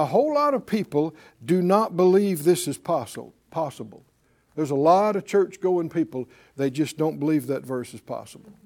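A man with a slightly high, darkish voice leads his congregation as pastor. His preaching builds in emphasis and force, and the people respond in call-and-response fashion.

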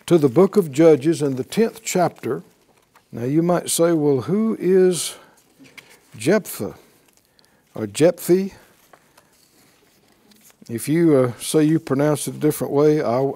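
A middle-aged man delivers a sermon in a slow, deliberate cadence. His voice sits slightly high for a man but has a warm, mellow color. He drives his points home with emphasis and rhetorical questions to the listeners. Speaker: pastor.

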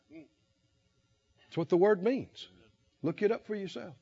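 A man with a very high voice preaches a sermon, drawing out his words slowly and building to fervent shouted lines. The recording is dull and lo-fi, like an old church tape. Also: breathy edge. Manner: storytelling with rising fervor and shouted lines. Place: church conference hall.

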